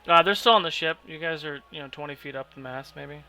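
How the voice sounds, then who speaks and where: A man narrating as game master of a tabletop game, explaining scenes and rules in a relaxed way. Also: on the high side, quick pace, a little hiss or hum.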